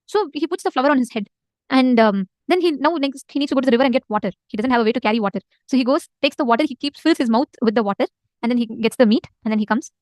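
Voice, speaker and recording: Woman storyteller, rapid-fire and animated, somewhat high voice, dry close sound, devotional tale told casually. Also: dry recording. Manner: animated, emphatic, repeats phrases for effect. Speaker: storyteller in a spiritual session.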